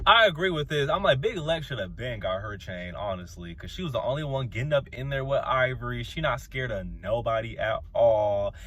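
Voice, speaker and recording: A man hosting his channel, giving a sassy, slangy, dramatic recap of a reality show episode, with sudden high squeals. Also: expressive, a little fast, few pauses, fairly bright tone.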